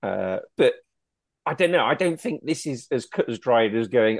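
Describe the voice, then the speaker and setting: Playful panelist, dry sound. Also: male voice, medium pitch, lively intonation, moderate pace, creaky, no room sound. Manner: playful, gives his opinions at length. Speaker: podcast panelist. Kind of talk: casual football chat.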